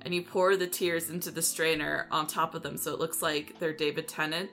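A woman on a casual podcast panel, rambling through a silly story with giggles and quick acted-out voices. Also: low voice, level tone, a bit bright, faint music behind.

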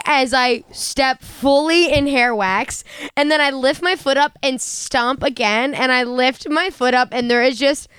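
A young adult woman co-hosting a podcast, telling stories in a lively, casual way with frequent swearing and laughter. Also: high-pitched, clean tone, dry recording, studio quality. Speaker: podcast co-host. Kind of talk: casual chat.

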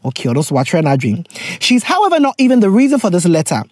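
Speaking at a quick pace with a medium pitch, this woman hosts a segment where she reads a listener's letter aloud. She gives laid-back advice, laughs a lot, and frequently switches into pidgin, all captured in clean studio sound without room noise.

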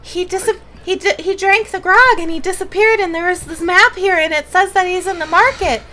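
A man's voice: very high voice, moderate pace, pushed and bright, slight background noise, voice pushed up, heavily acted. A woman voicing a small, winded man who stammers in a frantic rush. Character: small breathless male townsperson.

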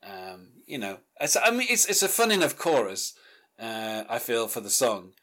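A man's voice: mid-range voice, sing-song, moderate pace, sharp tone. A man, chatting casually about a song and reading its lyrics aloud, with plenty of fillers. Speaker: music podcast host. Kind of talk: casual chat, track-by-track album discussion.

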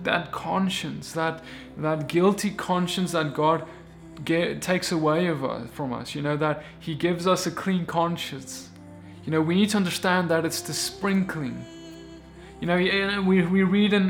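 An earnest man preaches in a casual video sermon, emphatic and often restarting his sentences. His voice sits a little high for a man. Soft music plays faintly behind him. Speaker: Bible teacher.

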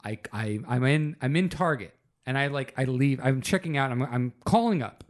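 A man's voice: mid-range voice, expressive, normal speed. A man co-hosting a podcast, telling a story in casual chat. He swears freely and acts out both sides of the phone calls he describes. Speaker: podcast co-host.

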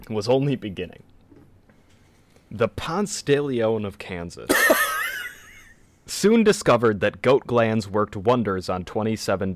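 A man hosting a casual comedy podcast, reading quotes from a book aloud with animated, laughing delivery. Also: fairly low pitch, no room sound.

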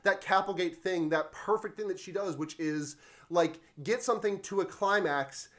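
Low-voiced analytical podcast woman. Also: normal speed. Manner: analytical, restarts phrases. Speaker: podcast co-host. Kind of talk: casual book chat.

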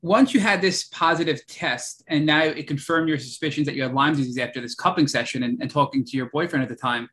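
A man's voice: fairly high pitch, fast, few pauses, a bit bright. A man hosting an interview, asking long questions that recap what the guest said. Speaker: podcast host.

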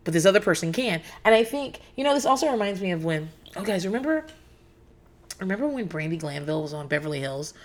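A woman's voice: fairly low pitch, sing-song, quick pace. A woman in her thirties or forties recapping reality TV in a candid, profane, rambling way, with frequent fillers. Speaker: podcast host.

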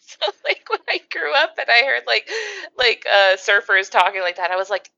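A woman's voice: mid-range voice, expressive, normal speed, vocal fry, pushed and bright. A woman from the US East Coast co-hosting a podcast, giggly and full of "like" fillers. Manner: giggly, talks with many "like" fillers. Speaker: podcast co-host. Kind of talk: casual podcast chat. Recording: dull, lo-fi sound.

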